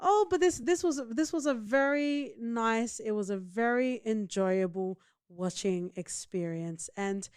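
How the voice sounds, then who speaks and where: A woman co-hosting a podcast, her voice smooth and resonant and sitting a little high for a woman. She bounces through casual chat with playful, teasing banter. The sound is close and dry. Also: unhurried, a little mellow, no room sound. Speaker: podcast co-host.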